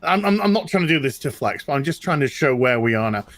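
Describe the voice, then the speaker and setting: A middle-aged British man co-hosts a casual chat, animatedly telling personal stories with frequent restarts and repetition. He speaks at a quick pace with medium pitch, and there's no echo.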